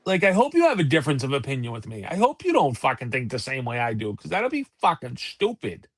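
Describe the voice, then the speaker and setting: A man's voice: mid-range voice, huge pitch swings, fast, no room sound. A man hosting a live talk show, ranting in heated, profane casual chat. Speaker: podcast host.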